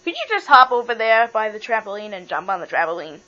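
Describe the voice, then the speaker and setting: Bright, bossy woman hosting a pretend show. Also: medium pitch, very animated, fast. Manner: bossy, matter-of-fact. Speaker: host of a toy talk show. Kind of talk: playful pretend talk show. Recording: dull lo-fi with mains hum.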